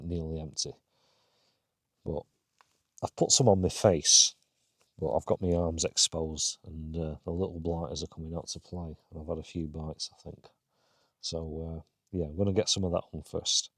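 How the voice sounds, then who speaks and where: Deep-voiced chatty man outdoors. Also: dry recording, clean studio sound. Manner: chatty, rambling, with many fillers. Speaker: wild camping vlogger. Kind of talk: casual talk to camera. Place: outdoors on a hill, later inside a tent.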